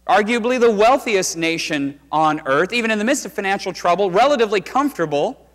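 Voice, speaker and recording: A man preaching a sermon as pastor, telling the story conversationally and swinging between loud and hushed. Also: high voice. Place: church sanctuary. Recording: reverberant church sanctuary.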